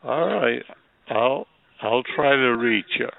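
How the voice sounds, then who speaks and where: A man on a phone line, talking slowly and politely in a mumble. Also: medium pitch, animated, gravelly, no room sound. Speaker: caller.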